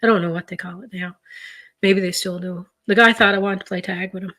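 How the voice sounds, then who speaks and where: A woman's voice: medium pitch, fairly even intonation, brisk, fairly bright tone. Chatty woman vlogger. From East Coast of Canada. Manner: chatty storyteller, rambling with many fillers and restarts. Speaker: vlogger showing a grocery haul. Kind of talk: casual chat.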